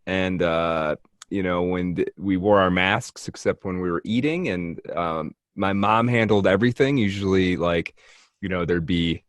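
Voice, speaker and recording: A man's voice: sits low, no echo, studio quality. A man guesting on a podcast, talking in a loose, rambling way full of likes and hedges. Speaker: guest writer. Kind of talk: casual comedic chat.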